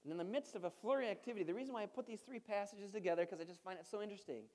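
A man's voice: high voice, racing, darkish tone. A male pastor giving a sermon in a conversational style, asking the congregation rhetorical questions and adding playful asides.

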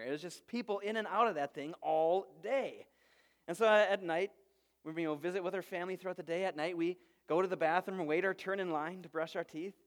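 A man in his thirties, a pastor preaching a sermon and telling stories with lively quoted voices. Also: high-pitched. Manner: storytelling, animated quoted voices.

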